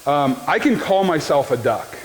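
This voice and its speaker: A man's voice: a little high, very animated, moderate pace. A man preaching a sermon as the pastor, in a conversational, joking way that keeps checking in with the listeners. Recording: long hall reverb with faint background noise.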